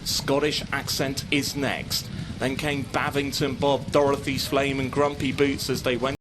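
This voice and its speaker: Guy calling a horse race live, steady flow, outdoor noise underneath. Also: mid-range voice, unhurried. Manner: steady running call of the field. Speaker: horse racing commentator.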